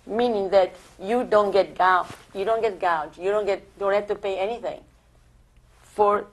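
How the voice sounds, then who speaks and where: An older woman with an Italian accent shares memories in an oral history interview, her voice sitting in a middle register. She tells her stories in an animated way, often stumbling and restarting her sentences as she goes. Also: medium pitch, normal speed. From Italy. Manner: animated storytelling with many restarts.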